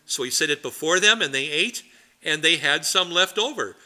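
Middle-aged pastor guy teaching bible study, sharp punchy voice, a bit high, rambles off into stories. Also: normal speed. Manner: animated, rambling storyteller.

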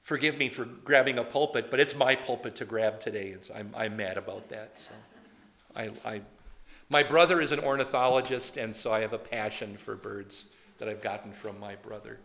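A man's voice: mid-range voice, lively intonation, moderate pace, gravelly, bright, forceful tone. A man preaching a conversational sermon, chatty and digressive, often asking the congregation questions.

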